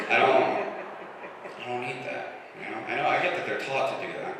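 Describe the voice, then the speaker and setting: A young man in his twenties doing a deadpan stand-up set, slipping into voices for the people he quotes. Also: mid-range voice, fairly quick, distant mic. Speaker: stand-up comedian. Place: comedy club stage. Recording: roomy live club recording with room noise. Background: audience laughter.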